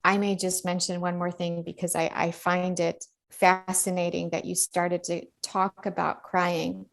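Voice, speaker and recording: Gravelly-voiced woman speaking candidly. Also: on the low side, monotone, a little slow. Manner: earnest, repeats words as she talks. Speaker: dentist guest. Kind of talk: candid podcast conversation.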